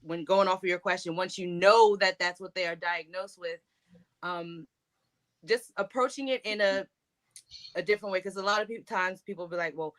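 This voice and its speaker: A woman speaking earnestly about her own experience in a candid discussion, often pausing with "you know". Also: on the low side, fairly even intonation, fairly bright tone.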